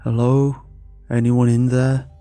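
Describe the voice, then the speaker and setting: A man voicing an eerie creature that imitates a stranded person, calling to be let in with a flat, emotionless, strangely nonchalant tone in a spoken horror story. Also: mid-range voice, measured pace, creaky, faint music behind. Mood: eerily pleading. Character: eerie calm thing mimicking a stranded person.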